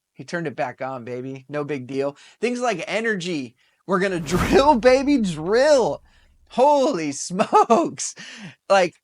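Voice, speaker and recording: Upbeat man in his thirties. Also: on the high side. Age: 30s. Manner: excitable and upbeat, laughs often. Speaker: podcast host. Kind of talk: casual opinion talk show.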